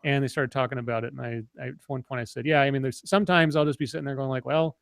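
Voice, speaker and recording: A man's voice: medium pitch, steady tone, racing, creaky, no room sound. A man co-hosting a casual online chat, telling long stories with many fillers and restarts. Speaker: podcast co-host.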